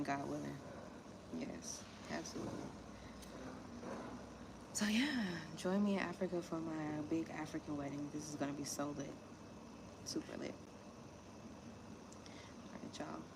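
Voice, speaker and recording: A woman's voice: sits low, heavy background noise. A woman from Miami with a Southern US accent, chatting casually and bluntly with viewers about small business grants on a livestream. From Miami, Florida, USA. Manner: blunt, slangy, talks straight to viewers. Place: West Africa.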